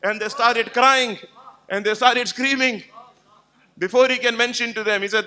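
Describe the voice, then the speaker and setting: His pitch is extremely high and his tone steady and sharp, with delivery at a normal speed. The man, an Islamic lecturer, addresses a live audience with an emphatic religious lecture, recounting stories and asking rhetorical questions.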